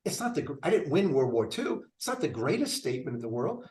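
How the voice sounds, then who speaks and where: Older male candidate, lively, rambling delivery, slightly high voice, roomy echo. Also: fast. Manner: animated, rambling, frequent restarts. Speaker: presidential candidate. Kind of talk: casual interview talk. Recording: echoey room.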